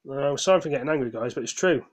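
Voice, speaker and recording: Talking very fast in a mid-range voice, a gaming vlogger delivers a casual, rambling rant. He sounds tired but heated, swearing, restarting his sentences and apologizing to his viewers.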